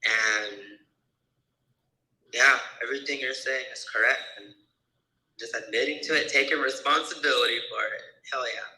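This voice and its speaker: A man's voice: mid-range voice, normal speed, long pauses, roomy sound, poor audio. A man joining a casual spiritual discussion, talking earnestly and with animation. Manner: earnest and animated, retells talks. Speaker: participant in live session.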